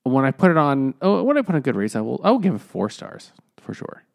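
A man's voice: mid-range voice, big pitch swings, brisk, gravelly, no echo. A man co-hosting a casual book chat, giving earnest, opinionated reviews. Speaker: podcast co-host.

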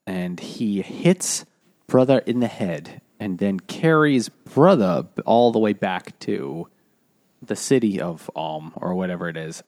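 This man, co-hosting a casual book club podcast, summarizes a plot slowly but with animation, his voice fairly low and slightly mellow. He rambles, leaning on lots of fillers and frequent restarts.

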